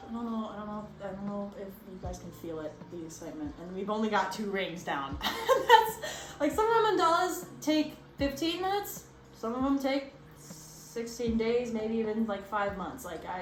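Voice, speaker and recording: A young woman chatting casually while doing a craft project, bubbly and excitable, gasping and squealing as she goes. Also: mid-range voice. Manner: vocal tics. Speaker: crafting vlogger. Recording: echoey room with faint background noise.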